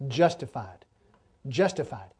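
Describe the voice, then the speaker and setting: A man's voice: mid-range voice, sing-song, slow, darkish tone, husky. A man teaching a sermon to a congregation, explaining words and asking listeners to help him. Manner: explanatory, talks to congregation, asks them for help. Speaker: preacher.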